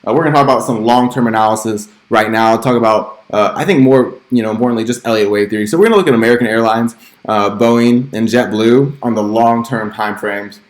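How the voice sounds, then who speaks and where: Low-voiced man explaining charts casually. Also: a little fast, reverberant. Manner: chatty, full of "you know" and "uh" fillers. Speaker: host of a stock trading channel. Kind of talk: casual chart analysis walkthrough.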